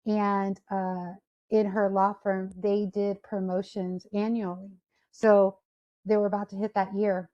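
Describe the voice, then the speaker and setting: A woman's voice: medium pitch, unhurried, muffled recording. A woman giving a career talk on a video call, telling a story and acting out the people in it. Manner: storytelling, animated quoted voices. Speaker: speaker. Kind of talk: career talk to an online audience.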